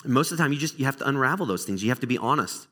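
A middle-aged man preaching a conversational sermon as a pastor, telling stories about himself with candid, animated, self-deprecating energy. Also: medium pitch, rapid-fire.

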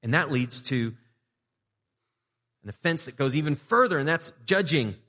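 A man's voice: fairly high pitch, animated, moderate pace, sharp tone, long reverb tail. A man preaching a sermon as a pastor, talking conversationally, asking the audience rhetorical questions and repeating words as he restarts.

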